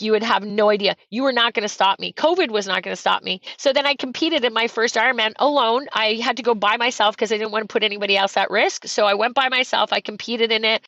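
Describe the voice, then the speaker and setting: A middle-aged Canadian woman, a coach, tells her story with fervent high energy and repeats phrases for emphasis. Her voice sits a little high and sounds bright and pressing. The podcast audio is dry and somewhat dull. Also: no room sound. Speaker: real estate coach and guest. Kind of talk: emotional storytelling in a podcast interview.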